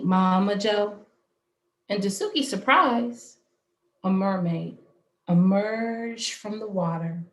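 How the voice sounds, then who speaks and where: A woman from Arizona telling a story at a live online storytelling event, slow, expressive and rhythmic. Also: medium pitch, roomy sound. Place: home, online stream.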